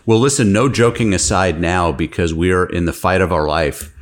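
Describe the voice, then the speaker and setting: A man hosts a podcast with a very low voice. He chats casually and tells anecdotes. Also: normal speed. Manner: chatty anecdote-telling. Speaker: podcast host and physician.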